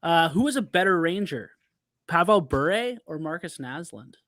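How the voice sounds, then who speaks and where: A man with a fairly high voice tells a story in an eager, casual way, with plenty of fillers. The recording is dry and close. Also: animated, normal speed, fairly bright tone, no room sound. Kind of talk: casual chat.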